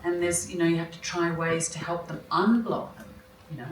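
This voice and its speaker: A woman's voice: fairly low pitch, fairly even intonation, moderate pace, a little hiss or hum. A woman, an actress, answering interview questions onstage in a reflective way, often restarting and correcting herself mid-sentence. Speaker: film actress, guest at an onstage conversation. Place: large hall at a festival talk. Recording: roomy, distant mic, faint ambience.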